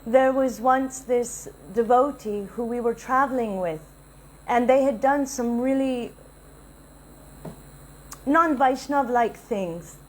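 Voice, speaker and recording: A woman's voice: a little high, slow pace, pauses often, a little mellow, slight background noise, poor audio. A woman giving a devotional talk, earnestly telling a personal story and acting out the dialogue. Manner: earnest, confessional, retells dialogue. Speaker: spiritual speaker.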